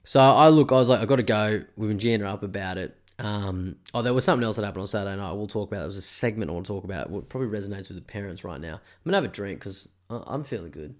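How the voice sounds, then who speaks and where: Aussie guy in his 30s rambling on his podcast, swears a lot, fairly low voice. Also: racing, few pauses. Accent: Australian. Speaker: podcast host. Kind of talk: casual solo podcast chat.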